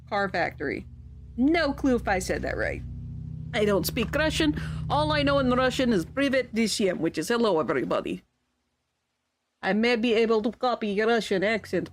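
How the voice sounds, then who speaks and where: A woman streaming a game, reading its text aloud and telling stories in a chatty, animated way. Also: noisy background. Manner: chatty, animated storytelling with sudden pitch jumps. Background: background music.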